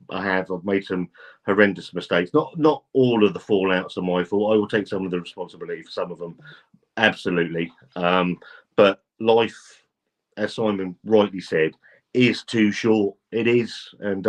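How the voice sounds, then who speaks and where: A man hosting a live stream, reading out viewer comments and chatting casually, swearing now and then. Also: low voice. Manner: chatty, swears casually, reads chat aloud. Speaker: livestream host.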